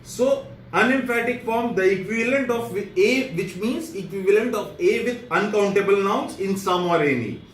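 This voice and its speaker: A man with an Indian English accent teaching a grammar lesson, repeating and rephrasing each point slowly. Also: high voice. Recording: echoey room, distant mic, faint noise.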